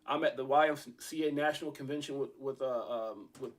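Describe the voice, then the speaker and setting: A man's voice: medium pitch, a little fast. A man hosting an interview, telling a long rambling story with many restarts and fillers. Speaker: podcast host.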